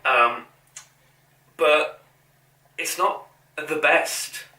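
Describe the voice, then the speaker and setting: A man's voice: a little high, extremely slow. A young man co-hosting a casual fan podcast, speaking bluntly and offhandedly with plenty of swearing. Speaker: podcast co-host. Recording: bright, roomy, from off the mic.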